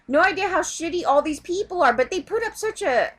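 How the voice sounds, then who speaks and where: A woman's voice: very high-pitched, lively intonation, a little fast, a bit bright. A woman vlogger ranting in a heated, rambling way, swearing often. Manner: heated, profane, rambling rant. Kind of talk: ranting vlog.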